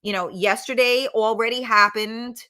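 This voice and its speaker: A middle-aged woman hosts a casual live-stream chat. Her voice is bright and forceful, and she rambles through fillers and restarts, swearing bluntly as she reads out viewer comments. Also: fairly high pitch, fairly even intonation, moderate pace. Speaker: talk show host reading live comments.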